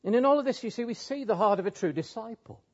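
Male preacher, earnest and emphatic sermon delivery, slightly high voice, muffled lo-fi sound. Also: animated, quick pace. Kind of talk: expository sermon. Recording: dull lo-fi sound.

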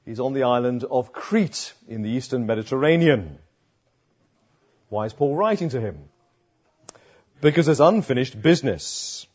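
A man's voice: mid-range voice, sing-song, moderate pace, long pauses, a little mellow, breathy edge. A man with a sore throat preaching a sermon as pastor, asking and answering his own rhetorical questions. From London area, England. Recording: dull lo-fi sound.

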